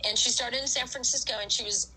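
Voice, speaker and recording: A middle-aged woman as a podcast guest, telling a story in a casual, animated way, full of "like" and acted-out quotes. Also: on the high side, quick pace, slightly rough, poor audio. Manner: animated storyteller, acts out quoted voices, frequent "like". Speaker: guest ultrarunner.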